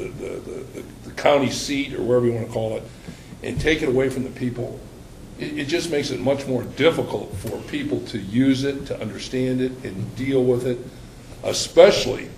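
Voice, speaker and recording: A man's voice: mid-range voice, gravelly, a little mellow, echoey room, a little hiss or hum, rough recording. A man speaking earnestly on a panel as a former township trustee, often repeating words as he restarts. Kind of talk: panel discussion.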